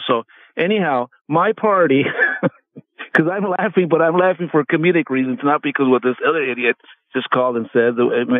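An older man calling in to a radio show, talking in a rambling, halting way. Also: fairly high pitch, no echo. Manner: rambling, halting, laughs at himself. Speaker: caller. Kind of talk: call-in radio chat. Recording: tinny phone line.

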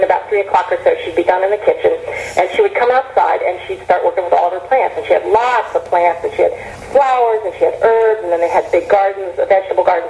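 A woman's voice: medium pitch, mellow. A middle-aged woman, an herbalist guest in an interview, talking earnestly and rambling with frequent restarts. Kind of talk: reflective interview talk. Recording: roomy echo.

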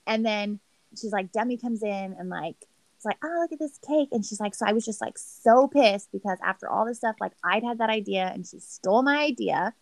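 A woman's voice: medium pitch, brisk, vocal fry, no echo. A woman in casual chat, recapping a reality show with a gossipy, chatty manner full of "like.". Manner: chatty, gossipy, heavy use of "like".

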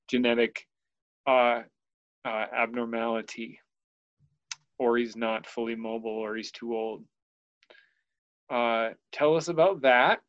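A father speaking candidly about his young son in an earnest, halting way, often pausing to find his words. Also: medium pitch, muffled recording. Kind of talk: candid personal conversation.

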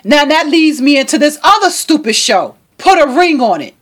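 A woman's voice: high voice, sing-song, normal speed. A woman podcast host delivering a passionate, sassy opinion monologue.

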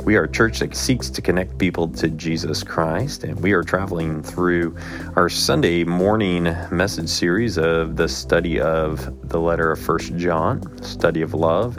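Deep-voiced pastor over music. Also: male voice. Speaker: pastor introducing the sermon. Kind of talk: scripted introduction. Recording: clear music underneath.

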